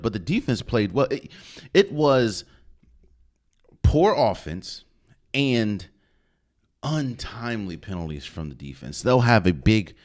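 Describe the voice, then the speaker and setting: Animated man talking football on a podcast. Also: lowish voice. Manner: animated, emphatic, repeats phrases for effect. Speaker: podcast host. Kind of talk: solo sports commentary.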